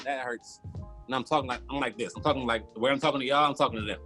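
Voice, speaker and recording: A man's voice: medium pitch, quick pace, fairly bright tone, soft background music. A man, casually telling a long story as a podcast guest and acting out his own past reactions. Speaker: former football player, guest.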